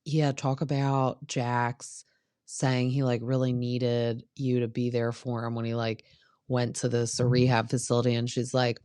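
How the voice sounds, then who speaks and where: A woman's voice: rumbling low, flat delivery, measured pace, dark tone, no echo, studio quality. A woman hosting a podcast, chatting casually through a reality TV recap and filling her talk with "like". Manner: chatty, peppered with "like". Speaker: podcast host.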